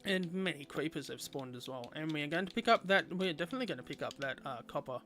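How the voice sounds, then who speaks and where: A man's voice: on the high side, expressive, fast, pushed and bright, soft background music. A young man chatting playfully with viewers while streaming a game. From Australia. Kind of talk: casual gameplay livestream chat.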